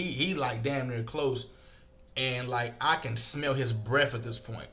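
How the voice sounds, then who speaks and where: A man casually telling a story to his viewers, acting out the lines of the people in it and swearing freely. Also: mid-range voice. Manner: animated, acts out quoted lines, swears freely.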